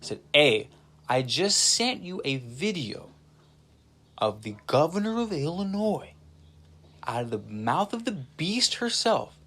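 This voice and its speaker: Animated, swearing young man talking to camera. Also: fairly high pitch, unhurried. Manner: animated, swears freely, restarts sentences often. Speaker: channel host. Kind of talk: casual spoken monologue to camera.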